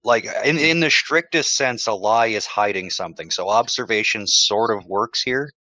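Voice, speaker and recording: A man's voice: fairly low pitch, normal speed, pushed and bright, no room sound. A man explaining tabletop game rules with stammering restarts. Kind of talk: casual tabletop game chat. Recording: slightly muffled mic.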